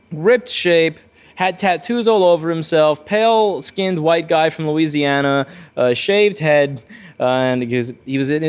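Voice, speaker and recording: Guy rambling through a story on his channel, a bit high voice, blunt, keeps restarting. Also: clear, resonant tone. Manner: rambling, self-correcting, blunt. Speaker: repair-shop video host. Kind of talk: casual storytelling monologue.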